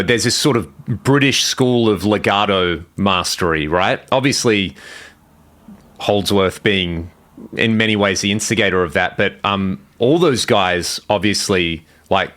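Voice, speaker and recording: A man's voice: lowish voice, fairly bright tone. A man hosting a podcast interview, musing thoughtfully about guitar players. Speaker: podcast host. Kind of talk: interview conversation.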